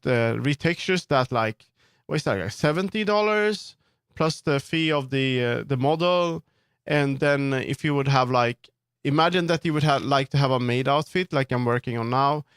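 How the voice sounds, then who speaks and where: A man on a live stream chats with his viewers as he works, earnest and firm. His voice sits a little high for a man. The sound is close and dry, with no room echo. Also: fairly bright tone, clear, resonant tone. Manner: talks to viewers while working, firm and earnest. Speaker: livestreamer and 3D model customizer. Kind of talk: casual livestream chat, answering chat.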